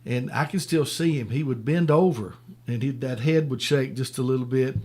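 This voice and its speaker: A man's voice: medium pitch, moderate pace. A man hosting a radio talk show, responding with affirmations and sharing memories. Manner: warm affirming listener, reminiscent. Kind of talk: casual radio chat.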